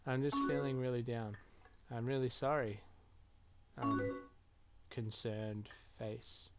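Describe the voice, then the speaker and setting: The speaker is a male gaming streamer who mutters through a playthrough and reads messages from chat aloud. He takes his time, his mid-range voice holding a steady tone. Behind him, keyboard clicks and typing are distinctly audible.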